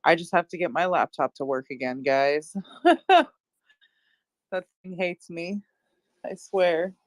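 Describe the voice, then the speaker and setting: A woman co-hosting a casual beauty chat, friendly and quick to laugh. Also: lowish voice, lively intonation, no echo. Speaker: guest co-host. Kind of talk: casual chat on a live audio room.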